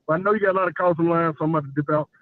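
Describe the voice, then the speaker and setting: A man with a high, light voice calls in and chats loosely, joking and repeating filler phrases. His voice comes through a tinny, dry phone line. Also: steady tone, racing, no room sound. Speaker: caller. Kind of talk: casual call-in chat.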